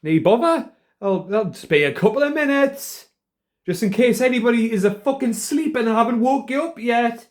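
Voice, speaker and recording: Brief: booming, cheery female nurse, put on by a man, high and loud. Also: lively intonation, moderate pace. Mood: chirpy.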